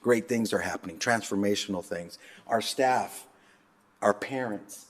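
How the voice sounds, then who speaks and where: Low-voiced man giving lively remarks. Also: unhurried. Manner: animated storyteller. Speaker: speech and debate coach. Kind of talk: public remarks at a council meeting.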